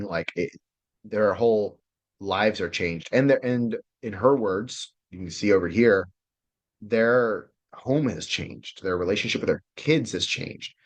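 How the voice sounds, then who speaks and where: Man with a lowish voice, relationship coach, loose, profane and excitable delivery, video-call sound. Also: a little slow. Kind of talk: casual online class presentation.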